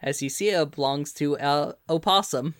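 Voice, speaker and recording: A man narrating a tabletop role-playing game as game master, in a casual, relaxed way with fillers. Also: a little high, normal speed, no room sound, studio quality.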